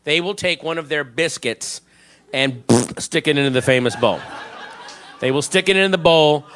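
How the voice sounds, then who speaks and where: High-voiced, rambling stand-up comedian man. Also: normal speed, a bit bright, a little hiss or hum. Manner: rambling, profane, self-mocking.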